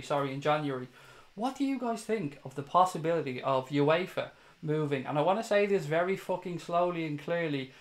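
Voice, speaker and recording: A man from Dublin with an Irish accent, hosting a live fan chat stream, talking straight to viewers, opinionated and swearing freely. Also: fairly high pitch. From Ireland (Dublin). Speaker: fan channel host.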